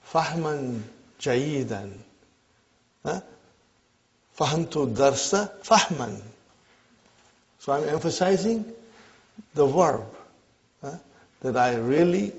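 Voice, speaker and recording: A man teaching an Arabic grammar lesson to a class, slow and repetitive, often checking whether his listeners follow. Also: fairly high pitch, creaky, darkish tone. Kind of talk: classroom lecture. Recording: dull lo-fi recording.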